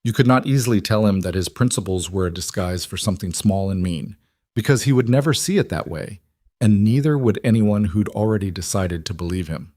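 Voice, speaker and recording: A man narrating a story in a calm, even audiobook reading. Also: on the low side, fairly quick, no room sound, studio quality.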